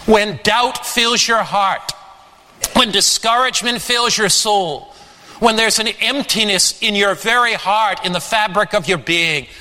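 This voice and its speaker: A man preaching a sermon, slow and emphatic, with dramatic rises and drops in his voice. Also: high voice, pushed and bright, long reverb tail, low-quality recording.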